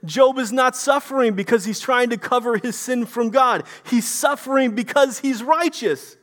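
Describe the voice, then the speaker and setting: Impassioned male preacher, high-pitched, rhetorical. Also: moderate pace, fairly bright tone. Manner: impassioned, rhetorical, repeats himself. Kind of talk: sermon.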